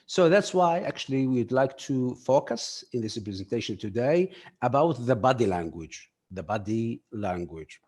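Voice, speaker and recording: A man giving a workshop lecture on communication skills, pausing often with fillers and putting questions straight to his audience. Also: medium pitch, very animated, a little mellow. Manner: halting, filler-heavy, addresses audience directly.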